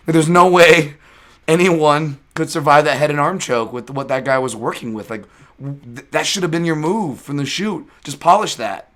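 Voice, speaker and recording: A man's voice: on the high side, moderate pace, a bit bright. A man hosting a casual podcast, telling stories in a rambling way with frequent laughs. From Chinese heritage. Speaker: podcast host.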